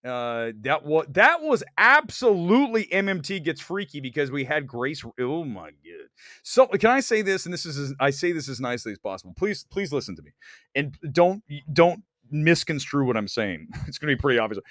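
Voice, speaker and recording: Excitable man ranting on a stream. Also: on the high side, moderate pace, dry recording, clean studio sound. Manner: loud, excitable, jokey rants. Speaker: host. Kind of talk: casual live-stream chat. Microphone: desk mic.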